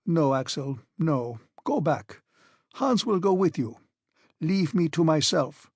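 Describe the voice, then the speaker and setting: A headstrong old professor on a perilous expedition, as an audiobook reader puts him on, commanding and scornful. The voice sits fairly high and sounds husky. The reading is close and dry. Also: male voice, lively intonation, slow pace, dry recording, full character voice. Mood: defiant. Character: stern, obstinate old male professor explorer.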